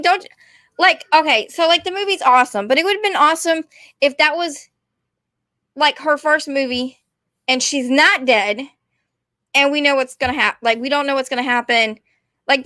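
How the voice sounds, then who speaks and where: Bright-voiced woman ranting to her chat. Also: high-pitched, no echo, studio quality. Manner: rambling, animated, talks to chat. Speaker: streamer. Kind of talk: casual ranting chat to viewers.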